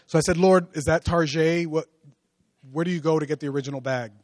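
A male pastor preaching a sermon, moving from hushed storytelling to loud, rising exhortation. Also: fairly high pitch, steady tone, brisk, no room sound.

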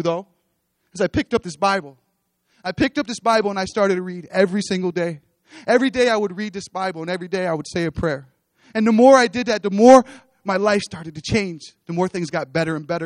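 Casting: man preaching his own testimony, high voice, dry close sound, earnest and repetitive. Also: quick pace, no room sound. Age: adult, with children. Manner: earnest, repeats phrases, rising to exhortation. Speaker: church speaker giving testimony. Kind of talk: testimony sermon. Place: church stage.

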